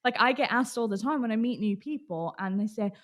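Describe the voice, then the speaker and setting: A woman's voice: on the high side, fairly quick. A woman from Austria with an accent that is hard to place, talking openly as an interview guest and laughing often. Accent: British English blended, hard to place. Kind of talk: casual interview chat.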